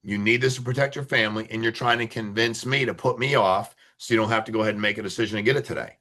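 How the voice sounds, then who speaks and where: A man coaching insurance agents in an interview, blunt and emphatic, talking fast in bursts and acting out phone calls with clients. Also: on the low side, bright, forceful tone. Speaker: insurance sales leader.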